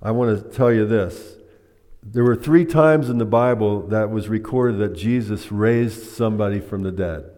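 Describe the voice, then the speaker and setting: A man's voice: lowish voice, moderate pace, mellow. A man preaching a sermon, teaching by asking the congregation questions. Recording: long hall reverb.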